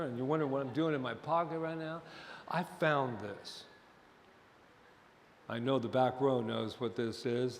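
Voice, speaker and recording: A middle-aged man preaching a sermon as minister, impassioned and at times near shouting. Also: a little high, slight background noise. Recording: long hall reverb.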